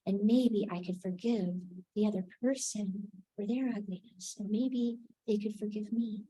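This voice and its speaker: A woman giving a reflective spiritual teaching, unhurried, often checking in with "right?". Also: mid-range voice, steady tone, dark tone, a little hiss or hum, poor audio.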